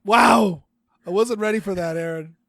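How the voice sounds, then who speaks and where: A man's voice: high voice, fairly bright tone, no room sound. Rambling man with a dry close mic. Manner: rambling, self-interrupting, quick to laugh. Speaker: podcast co-host. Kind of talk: casual podcast chat.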